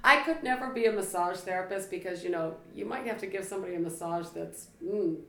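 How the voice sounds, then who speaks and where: A woman chatting casually as a co-host, talkative and quick to laugh. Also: on the low side, pushed and bright. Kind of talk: casual chat. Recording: echoey room with faint ambience.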